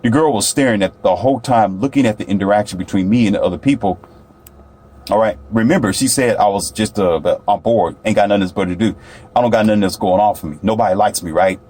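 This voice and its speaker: A man's voice: fairly low pitch, darkish tone. A man telling a story to the camera in a casual, boastful monologue, often turning to the viewer. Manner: boastful, chatty, addresses viewer directly. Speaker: vlogger.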